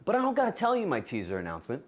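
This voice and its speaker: A man's voice: a little high, wildly swooping pitch, racing. A man hosting a live cooking stream, chatting with viewers in a playful, teasing way. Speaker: streamer, cooking show host.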